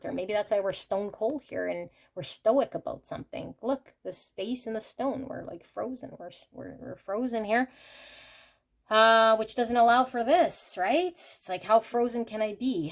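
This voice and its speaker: An emphatic woman reads tarot cards for her viewers, slipping into passionate rants and checking in with a frequent "okay". Her voice sits at an ordinary middle pitch, and she keeps talking straight through her thoughts. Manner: emphatic, ranting, rapid asides; frequent fillers like "okay" and "here". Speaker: tarot reader. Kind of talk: intuitive tarot reading to camera.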